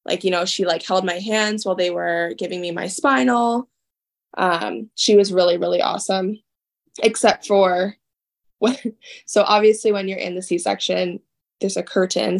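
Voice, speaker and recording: A young woman speaks as a podcast guest, telling an emotional story. Her phrases rush and loop back, packed with filler words and quoted asides as she relives each moment. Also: mid-range voice. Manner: talks in rushed, looping phrases with many "like"s and acted-out quotes.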